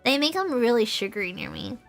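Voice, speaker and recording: A woman's voice: a little high, very animated, fairly quick, soft background music. A woman streamer chatting casually with her viewers, bubbly and rambling, laughing often. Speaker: vtuber streamer.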